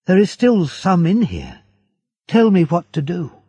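A man's voice: mid-range voice, very animated, slow, vocal fry, warm tone, slightly rough, no echo, voice pushed up, exaggerated voice. A man reading as an urgent young prisoner. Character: young male prisoner, loyal and desperate. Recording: dull lo-fi dry recording.

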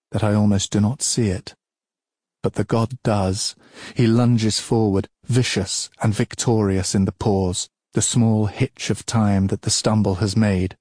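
A male audiobook narrator reads in a measured, solemn manner. His voice is low and husky, his pace very slow. The sound is dry and close, with no room around it. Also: darkish tone, no echo.

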